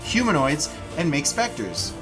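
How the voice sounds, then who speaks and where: A man's voice: on the high side, wildly swooping pitch, measured pace, over music, rough recording. A man voicing a single-minded male undead wraith in a tabletop game, speaking bluntly and offhandedly. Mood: dismissive.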